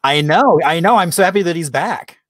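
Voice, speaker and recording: Male host, slightly high voice, upbeat and conversational trivia style. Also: expressive, fairly quick, a bit bright, no echo, studio quality. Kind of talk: casual trivia hosting.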